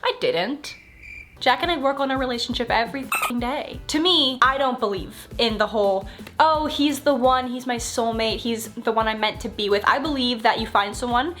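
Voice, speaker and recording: A woman's voice: a little high, a little fast, fairly bright tone, faint music behind. A young woman vlogger answering viewer questions in a candid, casual chat, often acting out quoted thoughts.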